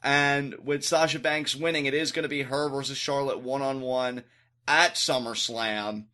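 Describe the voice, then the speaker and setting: A man co-hosting a podcast, talking through a wrestling show in casual, animated chat. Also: medium pitch, moderate pace. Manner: animated, acts out quotes in exaggerated voices. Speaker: podcast co-host.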